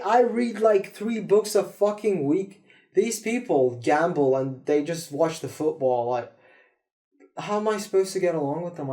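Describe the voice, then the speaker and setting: A man talking to camera in a casual, profane monologue as a self-improvement host, rambling and jumping between loud bursts and quiet asides. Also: on the high side.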